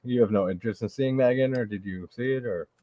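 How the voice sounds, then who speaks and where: A man's voice: mid-range voice, fast talker, mellow, no echo. A man co-hosting a casual podcast, laid-back and blunt. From United States. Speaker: podcast co-host. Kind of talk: casual chat. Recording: dull lo-fi mic.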